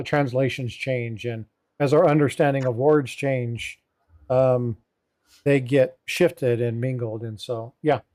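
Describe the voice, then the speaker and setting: A man's voice: medium pitch, darkish tone. A middle-aged man hosting a casual livestream panel, rambling with lots of "um" and "you know" and reading viewer comments aloud. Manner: rambling, filler-heavy, reads viewer chat aloud. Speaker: livestream host.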